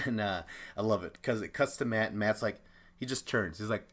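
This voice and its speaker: Young man, podcast host, chatty and opinionated, fairly low voice, acts out quotes. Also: normal speed, a bit bright. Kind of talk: casual recap commentary.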